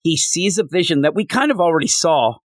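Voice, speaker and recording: A man co-hosting a casual comics podcast, rambling as he retells scenes with quick paraphrased quotes. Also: fairly high pitch, expressive, no room sound. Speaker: podcast co-host reviewing comics. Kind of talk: casual chat.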